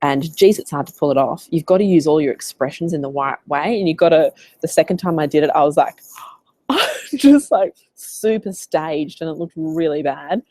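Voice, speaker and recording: An Australian woman coaching in a casual live Q&A, chatty and animated as she tells stories. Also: deep voice, a little fast, few pauses, no room sound. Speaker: business coach.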